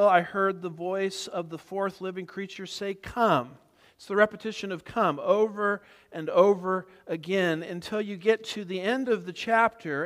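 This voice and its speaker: A man's voice: sits high, a bit bright. A man preaching an expository sermon, teaching emphatically and driving home repeated points. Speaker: pastor. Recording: reverberant hall.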